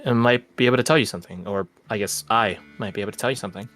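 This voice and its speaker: A man's voice: on the low side, racing, a bit bright, faint music behind, natural voice. A man voicing an earnest young girl witch with a grimoire in a tabletop game, stammering and hesitant. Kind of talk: tabletop game role-play.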